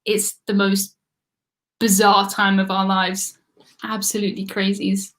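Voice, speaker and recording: A woman's voice: mid-range voice, completely flat delivery, a little slow, fairly bright tone. An English woman hosting a live trivia stream, chatting casually and laughing often as she reads viewer comments.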